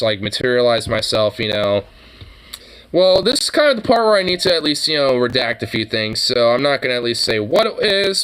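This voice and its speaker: A man's voice: mid-range voice, pushed and bright, clear, resonant tone, rough recording. Rambling, profane male streamer. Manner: profane, rambling, heavy with fillers and restarts. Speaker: streamer reacting to videos. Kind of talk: casual rambling commentary.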